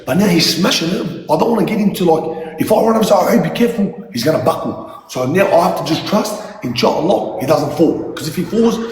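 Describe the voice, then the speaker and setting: A middle-aged man telling animated, sweary stories about his kids to viewers in a casual chat. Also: on the high side, a little fast. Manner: animated, swearing, laughing asides. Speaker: father talking to viewers. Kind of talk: casual storytelling livestream. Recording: echoey room with long reverb, faint noise.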